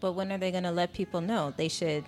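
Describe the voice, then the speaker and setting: A woman co-hosting a radio show, chatting casually with short, calm replies. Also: lowish voice, fast talker, faint music behind. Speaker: radio co-host.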